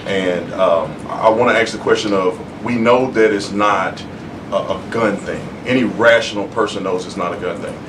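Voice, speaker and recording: A man's voice: fairly low pitch, moderate pace. Man, earnest questioner, press briefing room, distant mic, air conditioning hum. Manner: earnest, emphatic. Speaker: content creator asking a question.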